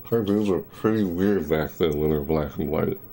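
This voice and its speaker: Low gravelly young man streaming. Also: normal speed, dark tone, faint music behind. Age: young adult. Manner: rambling, repeats and corrects himself. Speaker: game streamer. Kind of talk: casual live-stream chat over gameplay.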